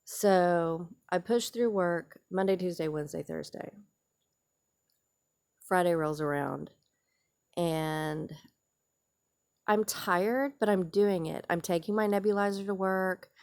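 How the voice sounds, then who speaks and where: Woman, vlogger, raw emotional storytelling, earnest, repeats phrases, slightly low voice. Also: slow, long pauses, darkish tone. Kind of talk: personal storytelling to camera.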